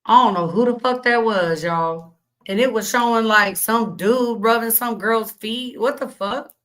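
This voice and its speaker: This young adult woman is a livestream host caught in a heated profane rant to her chat: blunt, indignant, cursing constantly, asking indignant questions and reading chat aloud. Her pitch is fairly high, her pace unhurried, her tone fairly bright, and the recording is rough.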